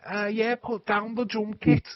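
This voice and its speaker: A man's voice: sits high, level tone, measured pace, dry recording, pitched above the performer's own voice. A man putting on a cheeky Liverpool lad with a Liverpool accent, in a playful, exaggerated way. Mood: joshing. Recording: dull lo-fi sound.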